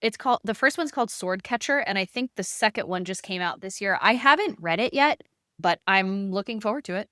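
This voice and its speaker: A woman's voice: mid-range voice, animated, a little fast, pushed and bright, no echo, clean studio sound. A woman co-hosting a podcast, chatting casually and animatedly about books, peppering her talk with "like" and the odd swear. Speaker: podcast co-host.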